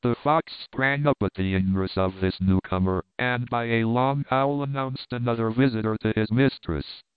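A man narrating a classic novel as an audiobook in a measured, formal reading. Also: medium pitch, smooth, dry recording. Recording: phone-like lo-fi audio.

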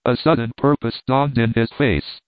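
A man narrating a classic novel in a steady, measured reading. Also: mid-range voice, clear, resonant tone, no echo. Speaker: audiobook narrator. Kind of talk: storybook narration. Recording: dry tinny phone-like sound.

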